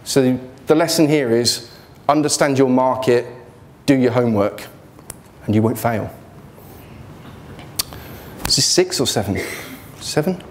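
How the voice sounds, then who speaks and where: A man's voice: mid-range voice, measured pace, long pauses, slight background noise. A man giving an informal motivational talk about his business failures, blunt and joking, speaking in a students' union hall.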